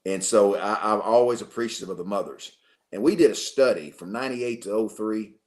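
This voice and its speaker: A man from Arkansas, a football coach telling lively stories as an interview guest. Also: fairly low pitch, fairly quick. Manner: animated storyteller, acts out quotes. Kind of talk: storytelling in a radio interview.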